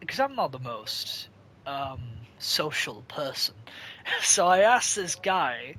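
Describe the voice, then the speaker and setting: A man's voice: fairly high pitch, sing-song, takes it slowly, bright, forceful tone, a little hiss or hum. A young man in casual chat, telling rambling shop stories with swearing and laughter. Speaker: podcast co-host.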